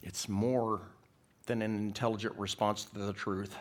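Male pastor, lowish voice, sermon delivery that swings between forceful emphasis and near-whispers. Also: level tone, measured pace, a little hiss or hum. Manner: swings from loud emphatic preaching to hushed whispers.

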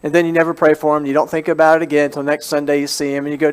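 A man with a high voice preaches to his church in a casual, animated way. He keeps throwing questions out to the people listening and repeats his main lines to drive them home. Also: racing, clear, resonant tone. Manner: lively and conversational, asks the congregation questions and repeats key phrases. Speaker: pastor. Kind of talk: sermon. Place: church service.

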